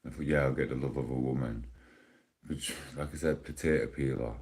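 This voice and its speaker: Very deep-voiced man griping. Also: steady tone, brisk, a little mellow. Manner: rambling, complaining, exasperated. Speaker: live streamer. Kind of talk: casual live stream chat. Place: at home.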